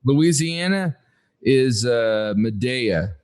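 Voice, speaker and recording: A man co-hosting a podcast in casual chat, unhurried and hesitant, with many fillers. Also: medium pitch, lively intonation, darkish tone. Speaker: podcast co-host.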